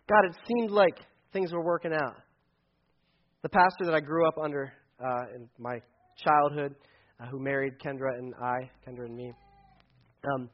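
A man preaching a sermon, animated, acting out quoted voices and swinging between loud and hushed delivery. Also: a little high. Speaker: pastor. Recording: dull lo-fi sound.

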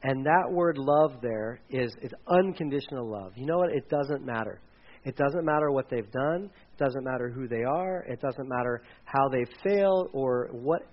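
A man's voice: medium pitch, normal speed, dull audio. A man in his forties, a pastor preaching a casual sermon with dad jokes and frequent fillers. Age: 40s.

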